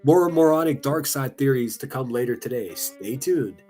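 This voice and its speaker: A man's voice: mid-range voice, lively intonation, normal speed, mellow, faint music behind. A man doing casual reaction commentary, reading comments aloud in a sarcastic, mocking and profane way. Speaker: online commentary streamer.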